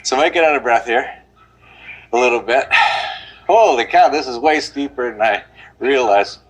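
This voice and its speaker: A man's voice: medium pitch, normal speed, a bit bright, poor audio. A man vlogging outdoors while walking up a steep hill, rambling and out of breath, sighing often. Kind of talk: casual walking monologue.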